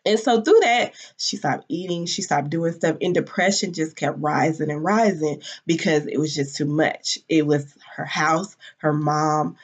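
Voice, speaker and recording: A woman's voice: low-pitched, unhurried, few pauses, slightly rough. A woman in her forties telling a personal story candidly and emotionally, with casual swearing. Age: 40s. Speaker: business founder. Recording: dull lo-fi audio.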